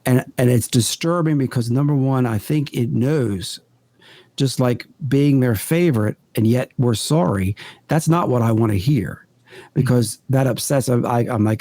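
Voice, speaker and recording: A man guest on a podcast, a paranormal investigator, telling his experiences in an earnest, deliberate way. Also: mid-range voice, dark tone, dry recording. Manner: earnest, deliberate, builds stories step by step. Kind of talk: conversational storytelling in an interview.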